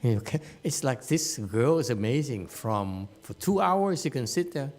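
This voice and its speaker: A man teaching meditation students in an informal Dharma lecture. He takes his time, speaking slowly with a mid-range voice, and keeps it chatty with frequent laughter and repeated words. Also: mid-range voice, lively intonation, darkish tone. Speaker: Buddhist teacher giving a Dharma talk. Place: meditation hall.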